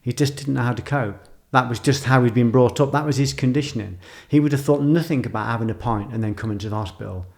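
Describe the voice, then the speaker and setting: A writer and filmmaker speaking in a reflective personal monologue, intense and emotional, repeating phrases for emphasis. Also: male voice, medium pitch, quick pace, creaky, few pauses, a little mellow.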